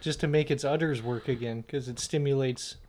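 A man's voice: mid-range voice, steady tone, fairly quick, crowd noise. A man hosting a podcast, telling crude stories in casual chat and laughing often. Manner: laughing, crude storytelling with put-on quotes. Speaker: podcast host.

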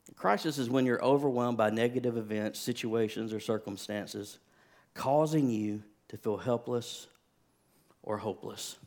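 A man in his thirties, a pastor, telling a personal story in a sermon, shifting from hushed, quiet stretches to rising, impassioned preaching. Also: mid-range voice, normal speed.

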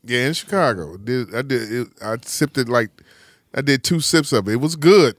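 A man's voice: medium pitch, lively intonation, normal speed, no echo. Loose, dry-voiced podcast host man. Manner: loose, asks questions, shouts catchphrases. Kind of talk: casual podcast hosting.

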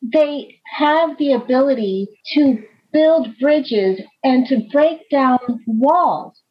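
A woman's voice: sits high, expressive, slow, lo-fi sound. A woman speaking earnestly and emphatically as a panel guest.

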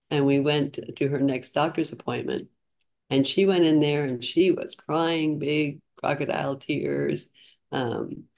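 A woman in her sixties speaks in a low-pitched, slightly mellow voice. She's a podcast guest in a casual storytelling interview, telling her story in a chatty, earnest way and frequently restarting.

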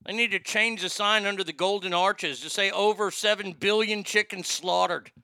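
A Texan man ranting casually about fast food, swearing a lot and stumbling over restarts. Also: high voice, steady tone, bright, forceful tone, clear, resonant tone, dry recording, clean studio sound. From Texas. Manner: profane, rambling, stammering restarts. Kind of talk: casual rant.

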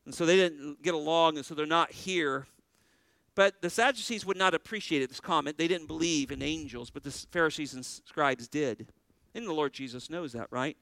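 Bright, high-voiced male preacher. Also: moderate pace, dry recording, low-quality recording. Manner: earnest, asks the congregation questions. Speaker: pastor. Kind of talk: sermon.

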